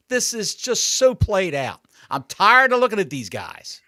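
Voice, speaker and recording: A man's voice: high voice, measured pace, no room sound, studio quality. A man co-hosting a podcast in casual chat, crude and sarcastic as he riffs. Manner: crude, sarcastic, animated riffing. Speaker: podcast co-host.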